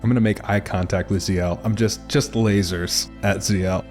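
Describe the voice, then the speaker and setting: A man's voice: on the low side, steady tone, moderate pace, darkish tone, faint music behind. A man playing in a tabletop role-playing game, bantering in character with sarcastic, defensive remarks. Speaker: player.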